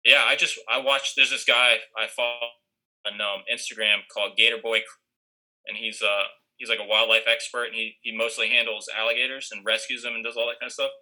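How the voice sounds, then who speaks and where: A man's voice: mid-range voice, level tone, a little fast, pushed and bright, poor audio. A man casually telling a long story with lots of fillers and restarts. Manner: rambling, many fillers.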